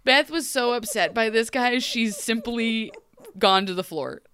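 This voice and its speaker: A woman's voice: a little high, unhurried, a bit bright, clean tone. A woman co-hosting a podcast in casual chat, gushing about a TV show, laughing often and acting out characters' lines. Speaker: podcast co-host.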